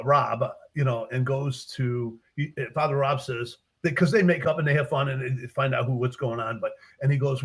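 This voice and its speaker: A man, a book author in a casual interview, retelling his short stories with lively acted-out character lines. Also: mid-range voice, breathy edge. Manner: animated storyteller, acts out characters' lines.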